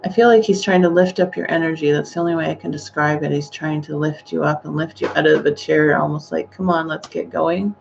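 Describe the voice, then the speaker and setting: A woman giving a live-streamed psychic reading, speaking gently and hesitantly with frequent sighing exclamations. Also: deep voice, fairly even intonation, fast talker, vocal fry, hardly any pauses, highs cut off, slight background noise. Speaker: psychic medium.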